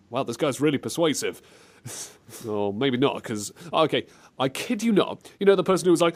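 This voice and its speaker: A man's voice: medium pitch, expressive, normal speed. A man co-hosting a casual comedy chat, playful and prone to breaking into silly voices. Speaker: podcast co-host.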